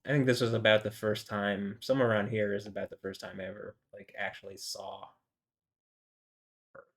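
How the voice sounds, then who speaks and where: A man's voice: lowish voice, level tone, brisk. A man rambling in an indignant solo commentary, full of filler words and restarts. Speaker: video host.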